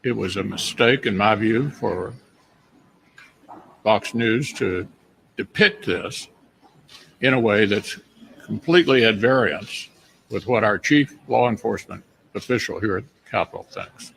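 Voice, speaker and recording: An older senator speaking slowly in halting press remarks. His voice is low and gravelly. There is a faint noise behind him. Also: a bit bright, low-quality recording. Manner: slow, halting statement.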